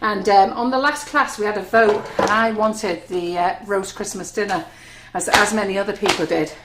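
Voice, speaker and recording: A woman's voice: medium pitch, fairly even intonation, moderate pace. A woman hosting a live cake decorating demonstration, chatty and giggly, poking fun at herself. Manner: chatty, giggly, self-deprecating. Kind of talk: live cooking demonstration chat. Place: kitchen studio. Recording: echoey room, faint noise.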